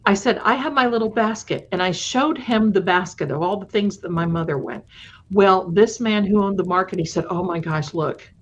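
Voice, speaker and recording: A woman host telling her own spooky stories to a live audience in a chatty way, dropping to a hushed voice at tense moments. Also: medium pitch, moderate pace. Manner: addresses viewers fondly. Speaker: storytelling host. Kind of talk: casual live storytelling. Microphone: live-stream mic. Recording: dull lo-fi stream audio.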